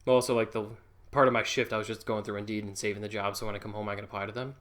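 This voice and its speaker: A man's voice: on the low side, flat delivery, rapid-fire, a bit bright. A young man chatting casually through a storytime vlog, rambling and dropping lots of likes.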